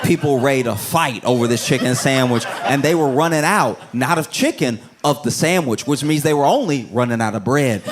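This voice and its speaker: A man performing a stand-up comedy set, telling a story with animated delivery and bursting into shrill shouted voices for the people in it, audience laughter behind him. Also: a little fast, few pauses, over a noisy crowd, very noisy.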